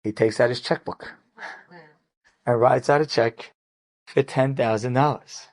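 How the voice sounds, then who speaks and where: A man, a rabbi, telling an inspirational story to an audience with lively, casual delivery. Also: medium pitch, a little slow. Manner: animated storyteller, casual fillers.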